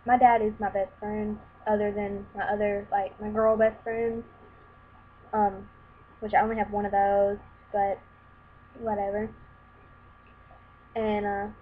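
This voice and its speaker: A young woman tells a personal story to camera in a candid, rambling way, acting out what others said. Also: medium pitch. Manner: candid, rambling, acts out quoted dialogue. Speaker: vlogger. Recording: tinny lo-fi sound with faint hiss.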